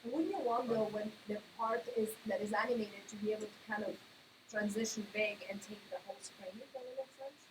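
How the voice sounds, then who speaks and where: A woman's voice: medium pitch, a little fast, a little hiss or hum, rough recording. A woman teaching an art class, giving feedback on a student project and often checking if her points make sense. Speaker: art instructor. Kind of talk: classroom critique.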